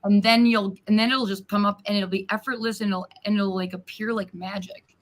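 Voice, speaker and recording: A woman's voice: mid-range voice, steady tone, brisk. A woman joining a live stream as a guest, talking things through in a reflective, searching way with many fillers. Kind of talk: casual chat.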